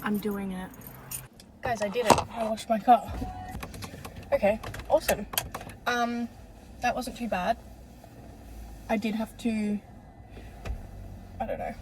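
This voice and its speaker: A woman's voice: a little high, fairly even intonation, takes it slowly, long pauses, very noisy. A young Australian woman vlogging casually, telling stories with lots of fillers and the odd swear word, out and about and in her car. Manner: chatty storytelling with many fillers and swearing. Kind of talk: casual vlog chat. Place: outdoors and in a car, around town.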